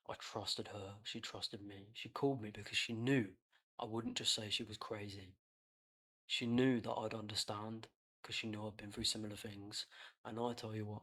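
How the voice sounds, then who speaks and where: A man's voice: fairly low pitch, fairly bright tone. A man, talking candidly and reflectively on a personal podcast, blunt and swearing freely.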